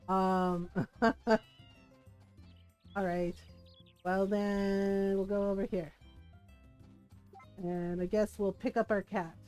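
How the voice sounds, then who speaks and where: A woman streams a video game, chatting and rambling casually while giggling often. Her medium-pitched voice is flat, smooth and a little mellow, and she talks extremely slowly with frequent pauses. Faint music plays behind her.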